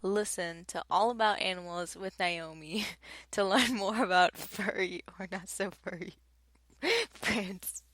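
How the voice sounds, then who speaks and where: Giggly slow-talking young woman announcer. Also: medium pitch, heavy background noise. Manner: giggly, stumbling over lines, self-mocking. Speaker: student radio host. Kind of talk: casual blooper-filled radio announcements.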